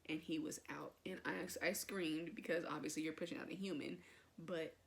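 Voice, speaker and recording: A woman's voice: sits low, fairly even intonation, normal speed, creaky. A young woman vlogger telling a personal story to camera in a chatty, emotional way, with lots of fillers.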